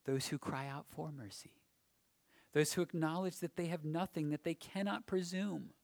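A man preaching a sermon, swinging from loud emphasis to hushed, almost whispered passages. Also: a little high, fairly even intonation, normal speed, gravelly, dry recording.

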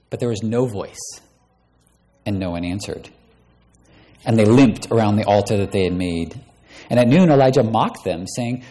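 A man's voice: mid-range voice, normal speed, darkish tone. A man preaching a sermon, reading scripture aloud and raising his voice dramatically on the quoted lines. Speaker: pastor.

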